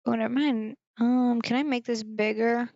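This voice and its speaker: A woman from Germany reads a story game aloud on stream, breaking off for chatty remarks to her viewers. Her voice is fairly high, recorded dry and a little muffled. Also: fairly even intonation, moderate pace, gravelly, a little mellow, dry recording. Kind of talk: reading a visual novel aloud with live commentary.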